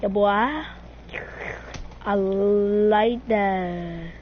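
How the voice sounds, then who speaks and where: A woman's voice: medium pitch, drawn-out words. A woman giving casual gameplay commentary at home, trash-talking and teasing her opponents with repeated taunts. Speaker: gaming channel host. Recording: dull lo-fi sound with faint noise.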